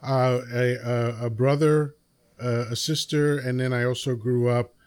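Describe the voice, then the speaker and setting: A man's voice: mid-range voice, steady tone, unhurried, darkish tone, clean tone. A man in a casual podcast conversation, recalling his family history in a reflective, meandering way.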